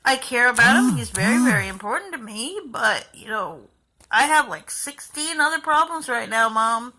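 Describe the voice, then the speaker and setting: A woman's voice: on the high side, pushed and bright, poor audio. A woman talking in an emotional, heartfelt personal vlog, rambling and sighing now and then. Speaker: vlogger.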